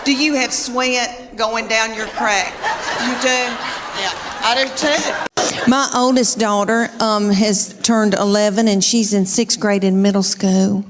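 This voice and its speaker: A woman's voice: medium pitch, fairly even intonation, unhurried. A middle-aged woman with a Southern US accent doing stand-up comedy, telling chatty, folksy stories with teasing asides on stage before a live audience. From Southern United States. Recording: live hall with long reverb and audience noise.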